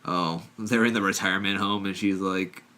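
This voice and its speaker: Bright-voiced joking male co-host. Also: sits low, fairly even intonation, normal speed. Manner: joking, rambling, laughs often. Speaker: podcast co-host. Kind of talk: casual chat, reading stories aloud.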